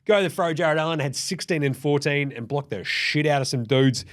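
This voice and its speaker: A man's voice: a little high, normal speed, a bit bright. A man with an Australian accent hosting a basketball recap show, swearing freely and acting out what the players might have said. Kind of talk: casual profane game recap.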